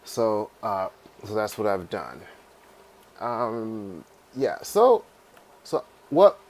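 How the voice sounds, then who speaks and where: A man teaching a class how to add lyrics in notation software, talking casually with fillers and checking in with "right?". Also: fairly low pitch, a little hiss or hum. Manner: casual, repeats "right?" and fillers, sings melody snippets. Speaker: music teacher. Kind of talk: screen-recorded software tutorial.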